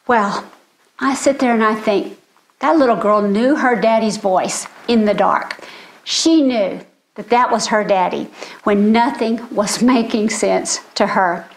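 An older woman with grandchildren, giving a sermon in an earnest storytelling way. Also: on the high side. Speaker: speaker.

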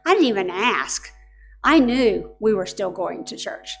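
A woman's voice: medium pitch, animated, measured pace, fairly bright tone, soft background music. A middle-aged woman preaching a sermon to parents, telling stories in an earnest, direct way.

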